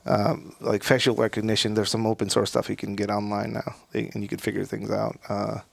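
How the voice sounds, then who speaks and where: A man talking as a podcast guest in a measured, hesitant way with many fillers. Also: lowish voice, level tone, gravelly, breathy edge, dry recording. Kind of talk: casual conversation.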